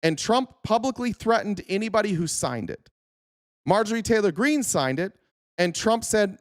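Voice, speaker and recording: A man's voice: sits high, animated, normal speed, no echo, clean studio sound. A man ranting angrily on a political livestream, profane and confrontational with his chat. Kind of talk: heated livestream rant.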